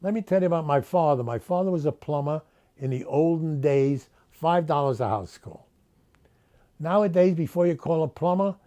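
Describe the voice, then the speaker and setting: Older stand-up comic, Brooklyn-born man, deadpan delivery, mellow and fairly high voice. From Brooklyn, New York. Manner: deadpan joke-telling with put-on voices for characters. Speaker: stand-up comedian. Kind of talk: stand-up comedy.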